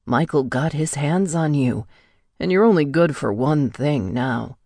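Smug male villain, slow low taunts, read by a woman narrator with a deep dry voice. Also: expressive, a little mellow, no room sound, exaggerated voice. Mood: gloating. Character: menacing young male captor, smug and cruel.

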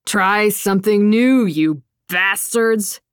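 A woman reading an audiobook voices a blunt, dismissive male mountain guide in a slightly lowered voice. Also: steady tone, measured pace, vocal fry, no echo, clean studio sound. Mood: gruff.

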